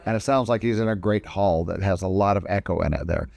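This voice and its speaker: Male tutorial host, low voice, dry close sound, casual explainer who restarts phrases. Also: fast, vocal fry, darkish tone, no room sound. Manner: casual step-by-step explaining, frequent self-corrections. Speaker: video editing instructor. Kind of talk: screen-recorded software tutorial.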